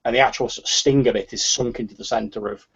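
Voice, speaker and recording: A man's voice: mid-range voice, fairly even intonation, fast talker, creaky, slightly rough, muffled recording. A man narrating as game master for a tabletop game, hesitant and full of restarts.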